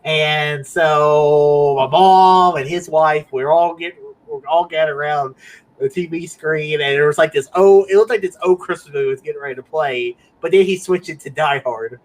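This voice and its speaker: Higher-voiced young man chatting about films. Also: moderate pace, low-quality recording. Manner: animated, laughs often, acts out quotes. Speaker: podcast co-host. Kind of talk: casual movie chat.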